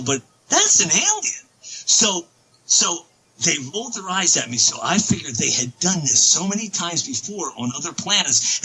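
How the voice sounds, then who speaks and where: A man telling a long story as a podcast guest, excitable and rambling, with many restarts. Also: sits high, rough recording. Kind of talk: casual storytelling.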